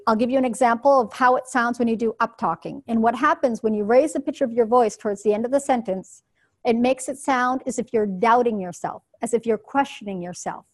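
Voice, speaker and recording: A woman giving a workshop talk to a live audience in a clear, instructive, measured way. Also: fairly high pitch. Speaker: workshop presenter.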